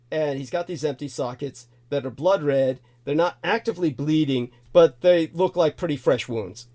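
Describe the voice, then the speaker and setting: A male host telling a long personal story in a digressive, repetitive way, chuckling now and then. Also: fairly high pitch. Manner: digressive, repeats himself, chuckles as he tells it. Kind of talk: rambling spoken storytelling.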